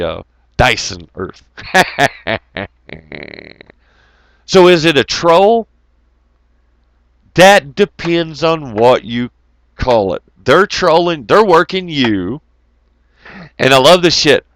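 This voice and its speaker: A YouTube commentator with a mid-range, slightly bright voice delivers a casual rant to his viewers. It's profane, rambling, and jokey, and he laughs often. The recording has no room sound.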